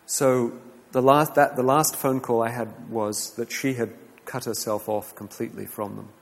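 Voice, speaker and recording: A man teaching a group in a measured, earnest way, giving a reflective talk and then opening it up for discussion. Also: medium pitch, fairly even intonation, big-room sound.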